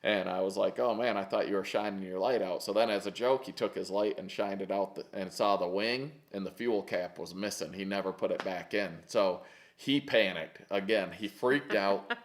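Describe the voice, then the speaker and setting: A man casually telling stories about flying, animated and folksy, acting out the people he quotes. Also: low-pitched, normal speed. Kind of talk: casual storytelling chat.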